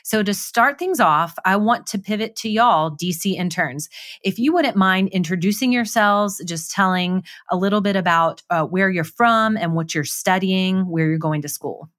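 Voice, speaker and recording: A woman's voice: medium pitch, moderate pace, a bit bright. A woman hosting a casual podcast interview in an upbeat, teasing way. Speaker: podcast host.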